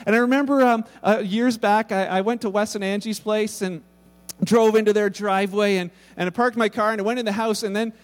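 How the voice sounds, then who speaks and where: A man preaches in a loose, joking way, full of restarts and asides. His voice is very high for a man. The sound rings on in a long hall reverb. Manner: casual, humorous storytelling with many restarts. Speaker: pastor. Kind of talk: sermon.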